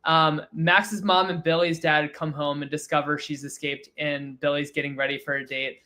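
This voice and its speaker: A man co-hosting a podcast, summarizing a TV episode in a steady way with hesitant fillers. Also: on the high side. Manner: measured recap with hesitant fillers. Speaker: podcast co-host. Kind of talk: casual TV recap chat.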